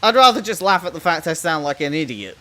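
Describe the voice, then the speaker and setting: A man's voice: fairly high pitch, sing-song, quick pace, pushed and bright. A man chatting casually during a game live stream, self-mocking and swearing freely, with a voice he says people call cartoonish. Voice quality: voice others find odd and cartoonish. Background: faint in-game music.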